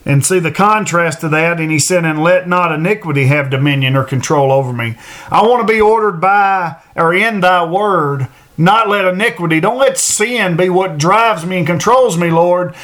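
A male preacher giving a sermon, earnest, repeating phrases for emphasis and slowing down to read verses aloud. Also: sits high, a bit bright. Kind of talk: sermon on a Bible passage.

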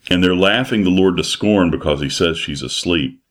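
A man preaching a sermon in a slow, emphatic way, repeating his phrases. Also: low-pitched, a bit bright.

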